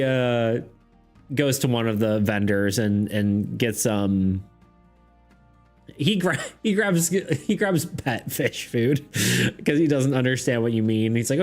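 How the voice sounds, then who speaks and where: A man's voice: mid-range voice, slow pace, soft background music. A man running a tabletop game as game master, narrating loosely with lots of fillers and frequent laughter. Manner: giggly, rambling, lots of fillers.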